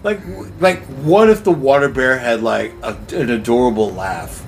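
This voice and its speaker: A man's voice: mid-range voice, normal speed, slight background noise. A man co-hosting a comedy podcast, rambling and profane, laughing as he talks. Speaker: podcast co-host. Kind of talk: stoned comedy banter.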